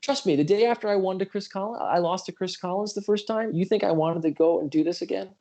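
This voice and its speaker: A man's voice: high voice, fast, dark tone. A middle-aged man hosting a casual livestream, telling stories earnestly and apologizing for talking too long. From Western New York. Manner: earnest storytelling, apologetic, self-deprecating asides. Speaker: political candidate hosting a livestream.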